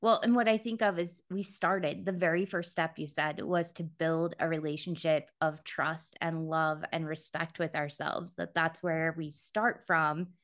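Woman, podcast host, lower pitch, thoughtful, affirming, conversational. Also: fairly even intonation, measured pace, few pauses, fairly bright tone. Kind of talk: casual conversation.

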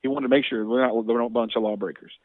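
A man's voice: medium pitch, fairly even intonation, racing, slight background noise. A man in his forties, a state legislator and guest, telling stories earnestly with frequent restarts over a tinny phone line. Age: 40s. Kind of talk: casual interview, storytelling.

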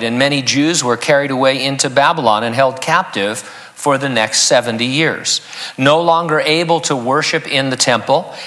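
A man's voice: medium pitch, a bit bright. A man preaching an expository sermon as a pastor, earnest and teaching, reading scripture aloud.

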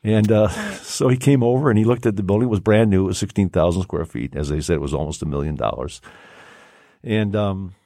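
An older man tells a story in his own rambling way, with plenty of ums and restarts. His voice sits very low and sounds warm and relaxed. The recording is dry and close, with no room sound. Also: a little fast, gravelly, no room sound. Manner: rambling, many fillers and restarts. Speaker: podcast guest. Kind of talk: casual storytelling.

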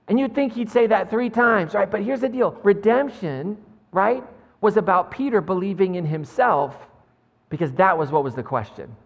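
A man's voice: sits high, normal speed, gravelly, muffled recording. A man preaching a sermon as a pastor, impassioned and conversational, recorded in a church with a long hall reverb.

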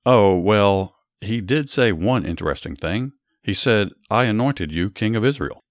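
A man's voice: on the low side, lively intonation, a little slow, no echo, studio quality. A man voicing a bold, ruthless army commander who talks bluntly and dismissively. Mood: evasive.

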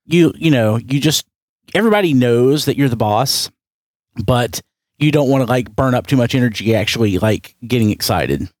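A man's voice: mid-range voice, animated, normal speed, darkish tone, dry recording, studio quality. A man hosting a casual podcast chat, rambling and joking, often correcting himself mid-sentence. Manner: rambling, self-correcting, jokey. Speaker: podcast host.

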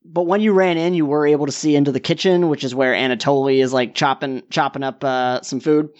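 A man runs a tabletop game as game master, describing the scene in a loose, halting way with plenty of fillers. The recording sounds a little dull and lo-fi. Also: mid-range voice, steady tone. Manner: casual, halting narration with many fillers.

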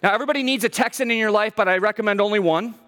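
A high-pitched man preaches in an echoing sanctuary, his words trailing off into a long reverb. He is a middle-aged pastor who pushes his points hard, asks the congregation direct questions and slips in dry jokes. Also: very fast, a bit bright. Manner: emphatic preaching with humor, rhetorical questions to the congregation. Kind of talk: sermon. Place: church sanctuary.

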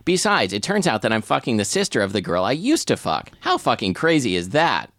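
A man reading aloud as a cocky, crude male romance cover model with a slow, boastful drawl. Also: mid-range voice, wildly swooping pitch, fairly bright tone, no room sound.

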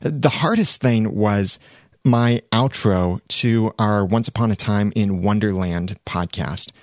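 A man's voice: lowish voice, slow, no echo. A man who hosts podcasts explaining production mistakes in a practical, step-by-step way from his podcast studio. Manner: practical, explanatory, speaks in clear points. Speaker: podcast host giving production tips. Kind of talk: instructional talk to camera.

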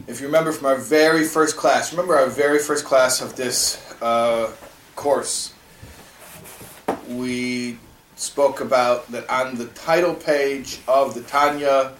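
A man giving a classroom lesson, talking to his students in a loose, conversational way and often asking them rhetorical questions. His voice sits at an ordinary middle pitch. He is picked up from a distance in an echoey room. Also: fairly bright tone, slight background noise. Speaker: teacher.

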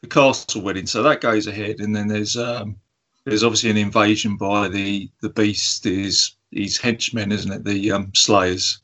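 A man's voice: lowish voice, level tone, normal speed, sharp tone. A man co-hosting a film review podcast, talking casually and rambling with lots of ums. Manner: rambling, hesitant, many ums and laughs. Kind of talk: casual chat.

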